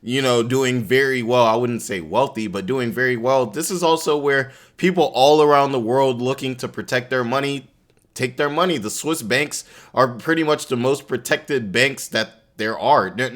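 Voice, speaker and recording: A man's voice: mid-range voice, fairly bright tone. A man giving loose, chatty commentary on a business news video, often tossing in "you know what I'm saying". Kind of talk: casual commentary reacting to a video.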